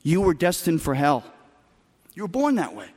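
A man preaching a sermon with emphatic delivery, moving between loud bursts and quiet, soft passages. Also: a little high, huge pitch swings, normal speed, breathy edge, in a large hall. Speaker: pastor.

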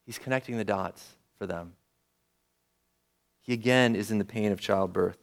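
A man preaching a sermon, lively and often asking his listeners questions. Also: lowish voice, normal speed, creaky. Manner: lively, asks the audience questions.

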